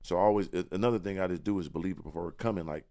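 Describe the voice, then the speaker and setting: A man's voice: sits low, racing, dark tone. A young man, a rapper guest on a podcast, talking about himself with boastful confidence and street slang. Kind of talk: casual interview talk.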